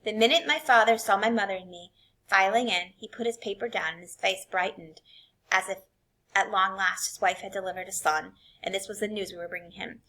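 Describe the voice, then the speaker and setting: A woman reading a novel aloud in an expressive way, shifting between quiet and intense passages. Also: mid-range voice, a little fast. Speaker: reader.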